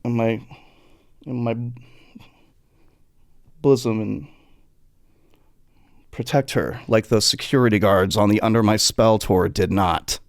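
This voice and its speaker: A middle-aged man, a podcast host telling a comic story, animated, profane, and jumping into quoted voices. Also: fairly low pitch, takes it slowly, pauses often, no echo, clean studio sound.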